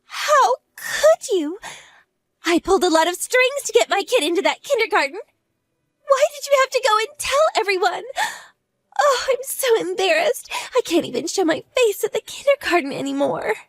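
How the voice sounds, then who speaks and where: A woman plays a jealous, furious mistress in an audio drama, her high voice leaping wildly between shrieks and sobs. The sound is dry and close. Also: animated, quick pace, hardly any pauses, no room sound. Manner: shrieking, accusing, tearful.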